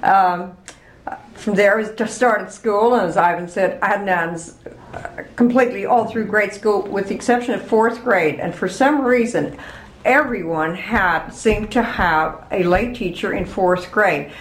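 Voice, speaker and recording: A woman's voice: mid-range voice, a little slow, a little hiss or hum. Older woman reminiscing in an echoey room. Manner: chatty, reminiscing with laughs. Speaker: interviewee. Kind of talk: oral history interview.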